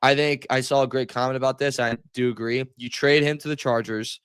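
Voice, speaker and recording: A man co-hosting a casual sports podcast, talking in a relaxed, analytical way. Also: medium pitch, fairly quick, smooth, no room sound. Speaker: podcast co-host.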